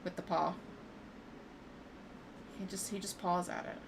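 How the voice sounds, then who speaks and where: A woman's voice: fairly low pitch, fairly even intonation, measured pace, vocal fry, background noise. A woman giving casual commentary while playing and fixing game mods at home, swearing freely when things break and chatting to her cat between fixes. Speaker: gaming streamer. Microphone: desk microphone.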